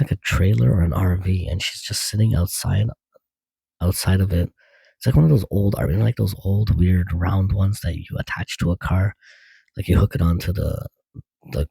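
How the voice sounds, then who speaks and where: Gravelly low-voiced man retelling a dream. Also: dark tone, dry recording, low-quality recording. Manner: rambling, full of "like" and restarts. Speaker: dream journal vlogger.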